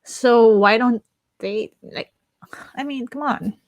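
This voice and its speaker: Filipina lady cohost ranting about politics, kinda high voice, dry sound. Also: slow, no room sound, dull audio. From Philippines. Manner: opinionated, animated, restarts mid-thought. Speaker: podcast co-host. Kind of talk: casual chat.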